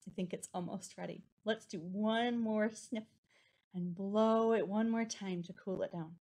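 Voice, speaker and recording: A young woman leading a preschool storytime, with a sing-song, encouraging, slow and exaggerated delivery for small children. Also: medium pitch, fairly even intonation, darkish tone. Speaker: children's librarian.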